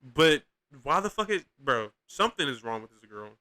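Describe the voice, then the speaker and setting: A man's voice: medium pitch, sing-song, normal speed, pushed and bright. A young man hosting a podcast, giving casual, profane, rambling reaction commentary with lots of slang and restarts. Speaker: podcast host reacting to clips.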